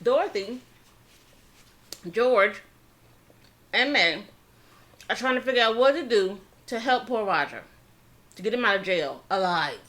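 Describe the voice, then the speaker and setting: Animated and fairly bright at a medium pitch, a woman hosts a casual eating show where she tells a history story. Chatty throughout, she acts out the dialogue of the people involved and pauses to spell certain words.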